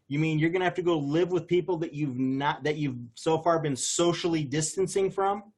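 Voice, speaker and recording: A man who is a lawyer, talking casually on a webinar and nitpicking the wording of a legal text. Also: fairly high pitch. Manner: nitpicking, explanatory.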